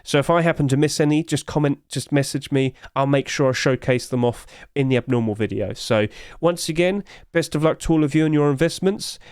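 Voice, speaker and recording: Male YouTuber, higher-pitched, smooth clear voice, rushed and breathless, dry close sound. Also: a little mellow, no echo. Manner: hurried, rapid-fire delivery. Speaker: YouTube host. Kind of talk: casual game skin review commentary.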